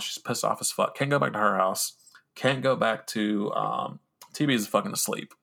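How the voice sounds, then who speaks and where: A young podcast host tells a rambling story laced with profanity and self-mockery, speaking casually with plenty of fillers and restarts. He keeps a moderate pace and steady tone, his low voice carrying a gravelly fry and a bright, forward edge.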